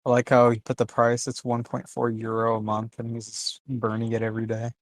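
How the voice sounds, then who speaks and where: A man's voice: medium pitch, completely flat delivery, brisk. A man co-hosting a podcast in casual chat, making dry, sarcastic quips. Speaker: podcast co-host.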